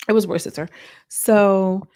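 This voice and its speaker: A woman's voice: medium pitch, fairly even intonation, measured pace, a little mellow, dry recording, studio quality. A woman reviewing a reality TV show in a casual, chatty recap, talking straight to her viewers. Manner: chatty, talks straight to viewers, acts out quotes.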